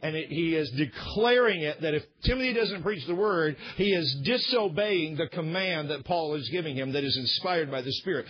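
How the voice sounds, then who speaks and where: Emphatic high-voiced man preaching. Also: expressive, brisk, hardly any pauses, breathy edge, muffled recording. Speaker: pastor. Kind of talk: sermon.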